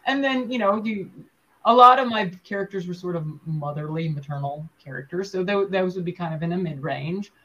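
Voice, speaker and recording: A woman's voice: fairly low pitch, a little fast, a bit bright, muffled recording. A woman puppeteer talking casually in an interview, full of fillers and restarts. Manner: chatty, with many fillers and restarts. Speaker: puppeteer guest.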